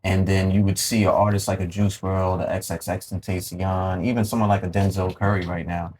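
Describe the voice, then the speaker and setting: A male host with a lowish voice asks questions in an easygoing, musing way. He slips into quick voiced quotes as he talks. A faint hiss runs underneath. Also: level tone, a little mellow. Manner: laid-back, musing, acts out quotes. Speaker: podcast host. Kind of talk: casual interview chat.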